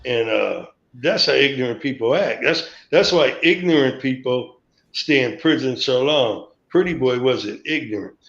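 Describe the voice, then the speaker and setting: A man with a gravelly voice tells a long, winding story on a live stream and acts out the words of everyone in it. His pitch sits in an average range. The sound is dull and lo-fi, with a roomy echo around it. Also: lively intonation, measured pace, a bit bright. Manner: rambling, acts out quoted dialogue. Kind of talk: storytelling memories. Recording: echoey, dull lo-fi stream audio.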